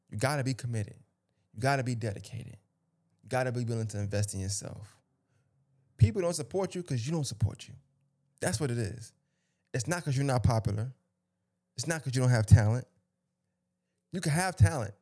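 A man's voice: mid-range voice, mellow. Emphatic man ranting on a podcast. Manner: emphatic, repetitive, rambling with restarts. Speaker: podcast host. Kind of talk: casual motivational monologue.

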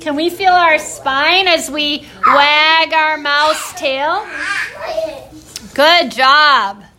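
A woman's voice: high voice, extremely slow, background noise. A woman leading a live children's yoga class indoors, talking in a playful, encouraging, sing-song way.

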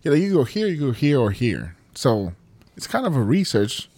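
A man's voice: mid-range voice, big pitch swings, normal speed, darkish tone, no echo. A man co-hosting a podcast in a laid-back, casual way, swearing and trailing off. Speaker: podcast co-host. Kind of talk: casual chat.

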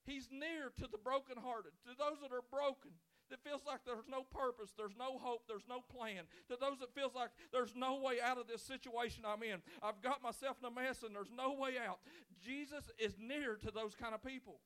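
A male pastor preaching a sermon in church, swinging from loud pleading to quiet, intimate talk. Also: very high voice, fairly even intonation, moderate pace, few pauses, smooth. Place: church sanctuary.

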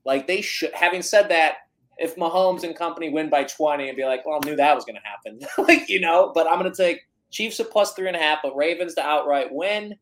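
A man's voice: on the high side, fairly quick. A man co-hosting a sports podcast, reasoning through his picks in a loose, hedging way. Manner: thoughtful, hedging analysis with many "like"s. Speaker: podcast co-host. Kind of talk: casual sports betting chat.

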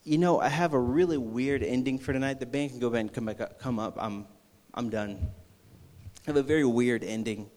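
A man preaching a sermon, acting out a movie scene with energy before turning slow and earnest. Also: mid-range voice. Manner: slows and softens into earnest preaching. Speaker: youth pastor.

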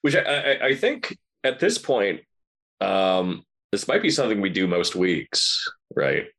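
A man with a very low voice cohosts a podcast in loose, casual chat. His pitch swings widely as he jokes, sardonic and deadpan by turns. Each line trails off in the manner of relaxed banter. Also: a little slow, gravelly.

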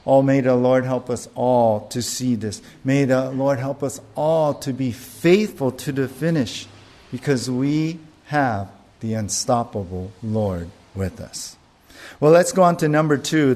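A male pastor preaching a sermon, earnest and deliberate, with emphatic rises on key words. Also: mid-range voice, darkish tone.

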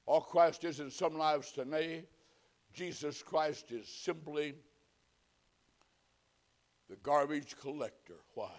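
Male preacher, higher-pitched voice, sermon, hushed storytelling, rising exhortation. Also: moderate pace.

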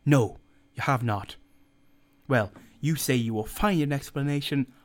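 A man's voice: medium pitch, a little slow, natural voice. A man doing a stubborn, wry ship's doctor. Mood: dry. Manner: firm, matter-of-fact. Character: calm, wry older ship's surgeon, stubborn.

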